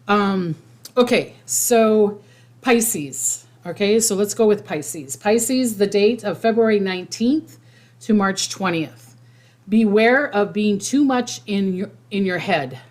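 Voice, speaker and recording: A woman chats casually as a psychic livestream host, her pitch sitting in the middle range. She rambles freely, stopping and restarting her sentences and filling the gaps with "you know" and "um." Now and then she reads viewer comments aloud. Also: slow, darkish tone.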